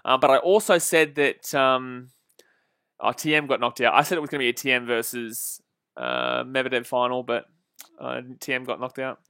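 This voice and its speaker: A young Australian man hosting a live football stream, commenting on the match and answering viewers in a blunt, excitable way. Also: mid-range voice, moderate pace, clean tone, dry recording, clean studio sound.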